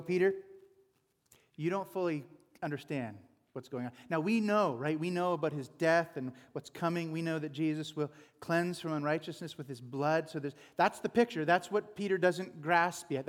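Male pastor, chatty and informal sermon delivery, slightly raised pitch, long hall reverb. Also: moderate pace. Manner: informal, chatty preaching with asides. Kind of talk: conversational sermon.

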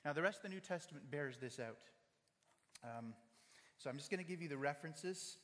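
Guy preaching a sermon, kinda high voice, earnest, talks right at you, long echo. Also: expressive, brisk, a bit bright. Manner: earnest, addresses listener directly, acts out quoted voices. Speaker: pastor. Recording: long hall reverb.

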